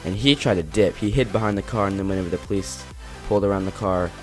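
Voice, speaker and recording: Teen male vlogger, deep low voice, casual rambling anecdote, just out of bed. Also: fast talker, a little mellow, faint music behind. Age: teens. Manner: rambling, full of restarts and quoted dialogue. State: just woke up. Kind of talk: casual storytelling.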